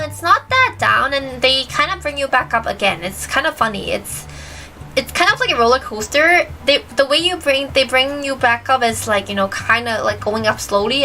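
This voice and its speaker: A woman's voice: high-pitched, pushed and bright, rough recording. A woman streamer with a mixed British and American accent, chatting casually and giggling as she searches for words. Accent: mixed, part British, part American. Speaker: virtual streamer. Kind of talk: casual stream chat reading chat questions.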